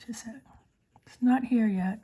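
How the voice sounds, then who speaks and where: A woman's voice: on the high side, a little slow, dark tone. A woman vlogger chatting about her fountain pens, rambling with many fillers and self-corrections, often dropping to a whisper. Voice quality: breathy, frequently whispering. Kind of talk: casual show-and-tell, often whispered.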